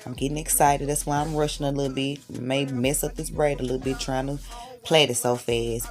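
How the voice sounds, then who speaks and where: A woman's voice: a bass voice, steady tone, brisk, a little mellow, soft background music. A woman, a mother filming a casual hair-braiding tutorial at home and cheering herself on as she works. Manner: chatty and self-encouraging, hyping herself up. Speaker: hair vlogger, mother of six.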